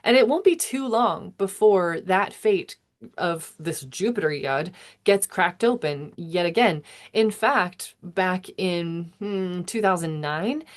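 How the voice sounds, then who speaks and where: A woman in her thirties from the United States, an astrologer, muses aloud in a casual monologue that meanders, interrupts itself, and is dotted with chuckles. Her voice is on the low side, expressive, and slow.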